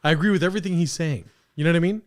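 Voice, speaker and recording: A man's voice: on the high side, very fast. A young man hosting a podcast, ranting casually with profane mock outrage while reacting to a clip. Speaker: podcast host.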